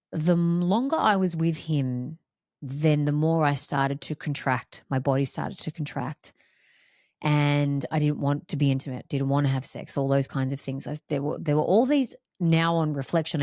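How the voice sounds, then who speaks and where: A woman's voice: sits low, a little mellow, no room sound, clean studio sound. A woman hosting a reflective solo podcast, talking in an emphatic, repetitive, heartfelt way. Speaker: podcast host.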